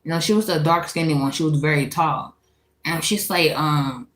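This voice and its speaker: A woman from Louisiana, telling a personal story in a casual, animated and profane way, laughing often. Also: low voice, normal speed. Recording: echoey room.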